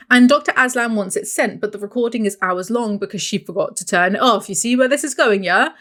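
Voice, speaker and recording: A British woman giving sarcastic book commentary, reading out passages and mocking them in a dry voice, with laughs between jokes. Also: medium pitch. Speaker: book reviewer.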